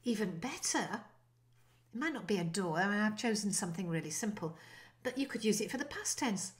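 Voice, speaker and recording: A woman teaches an online language lesson, demonstrating short French phrases in a lively, encouraging way. Her voice is mid-range and fairly quick.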